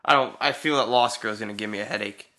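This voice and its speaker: Teen guy, sharp bright voice, sarcastic teasing banter. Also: fairly low pitch, quick pace. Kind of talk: casual chat.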